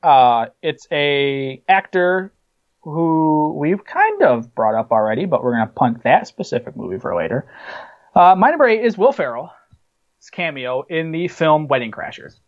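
Male podcast co-host, chatty animated storyteller, slightly high voice, dull lo-fi recording. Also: a little slow. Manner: animated storyteller, many fillers and restarts. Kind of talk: casual chat, movie countdown.

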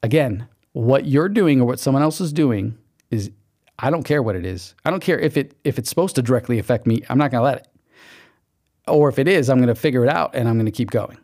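A man's voice: mid-range voice, expressive, fast talker, a little mellow. A man hosting a podcast, giving an emphatic motivational pep talk and acting out quoted inner voices. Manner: emphatic, pep-talk delivery with repeated okays. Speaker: podcast host. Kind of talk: motivational monologue.

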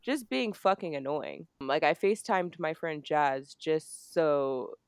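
A woman's voice: low voice, slow pace, clean tone, dry recording, studio quality. A young woman from New Jersey telling a story on a casual podcast, swearing freely and acting out the lines of the people in it. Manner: animated, swearing, acts out quotes. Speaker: podcast co-host.

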